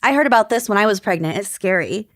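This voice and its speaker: A woman's voice: mid-range voice, expressive, fast talker, no echo, studio quality. A young adult woman co-hosting a podcast, reading out a story with quotes and adding chatty asides. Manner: reads facts and quotes, then adds chatty asides. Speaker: podcast co-host.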